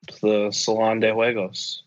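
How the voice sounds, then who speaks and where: A man's voice: lowish voice, monotone, unhurried. A young man telling stories casually on a podcast, laid-back and profane, laughing often. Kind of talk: casual storytelling chat. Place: apartment abroad, call-in. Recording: dull lo-fi audio.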